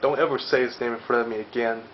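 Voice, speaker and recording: A man's voice: medium pitch, fairly even intonation, fast, a little hiss or hum. Joking, profane young man playing a game. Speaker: let's play host. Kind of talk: casual gameplay commentary. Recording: slightly dull audio with faint game music.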